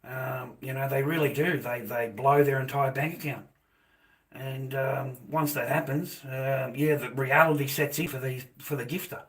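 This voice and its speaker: A man's voice: medium pitch, fairly even intonation, normal speed. Blunt, swearing Australian man streaming. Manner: profane, blunt, talks to his chat. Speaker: livestreamer. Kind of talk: rambling livestream rant.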